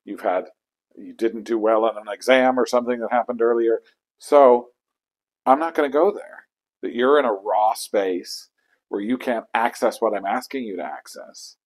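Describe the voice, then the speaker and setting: A man's voice: normal speed, low-quality recording. Reflective man, choral conductor. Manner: thoughtful, acts out inner voices with sudden high exclamations. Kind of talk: reflective interview talk. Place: church.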